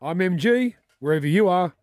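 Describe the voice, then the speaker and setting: A man from Australia co-hosting a casual radio sports chat, playful and quick with jokes. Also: high-pitched, dry recording, clean studio sound. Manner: playful, jokey, lively questions. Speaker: radio co-host.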